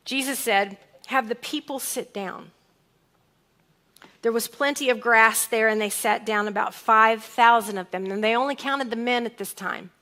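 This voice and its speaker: Woman pastor, fairly high, bright voice; expressive sermon delivery. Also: moderate pace. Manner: expressive, reads scripture aloud and acts out lines in different tones. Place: church sanctuary.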